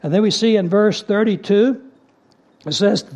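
A man preaching a sermon, earnest and emphatic, repeating key phrases and slowing down to stress scripture, with casual asides in between. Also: high-pitched, a little mellow. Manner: conversational asides with fillers.

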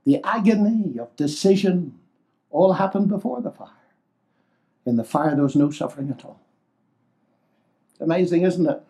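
An older man preaching a sermon, expressive and exclamatory, swinging between loud declarations and hushed asides. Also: high-pitched, moderate pace, long pauses.

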